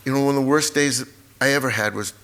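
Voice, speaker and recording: Older man, lively storyteller, acts out family scenes, stage talk, mid pitch. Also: fast talker. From United States. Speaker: guest author. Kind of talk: live conversation on stage. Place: auditorium stage before an audience.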